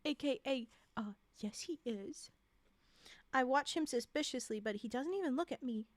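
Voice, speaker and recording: A woman's voice: high-pitched, expressive, normal speed, no echo. A woman streamer reading a holiday story aloud, breaking off to chat and talk back to the characters. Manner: chatty, reacts loudly and talks back to the characters.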